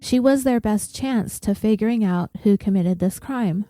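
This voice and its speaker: A woman hosting a podcast, telling a true crime story in a steady, measured way. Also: medium pitch, no echo, soft background music. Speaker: podcast host.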